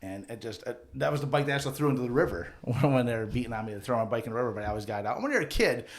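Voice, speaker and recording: A man's voice: medium pitch, expressive, racing. Man telling a rambling comic story. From Akwesasne Mohawk community. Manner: rambling, profane, jokey anecdotes with acted-out quotes. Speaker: podcast co-host and storyteller. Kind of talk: casual storytelling chat.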